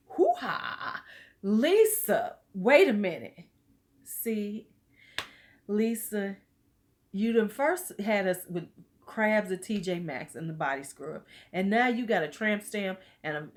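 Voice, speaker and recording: A middle-aged woman hosting a casual live chat, talking loosely and bawdily and laughing along with her viewers. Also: fairly low pitch. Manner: chatty, loose and bawdy, laughing with commenters. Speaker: host of a live beauty chat.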